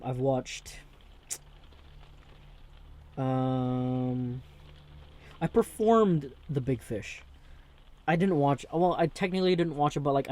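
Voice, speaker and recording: A man's voice: a little high, dark tone. A young man hosting a rambling, jokey comedic monologue. He keeps interrupting himself and jumping between thoughts. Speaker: host.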